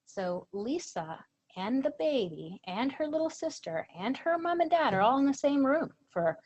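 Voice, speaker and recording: A woman presenter giving an earnest lecture to a professional training audience, animated when she quotes others. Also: high voice, normal speed, husky, lo-fi sound.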